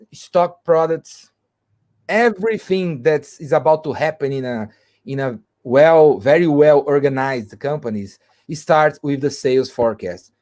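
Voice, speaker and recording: Halting man explaining. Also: fairly high pitch, darkish tone. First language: Portuguese. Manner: halting, with frequent restarts and fillers. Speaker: guest speaker. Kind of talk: explaining business English. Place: video call.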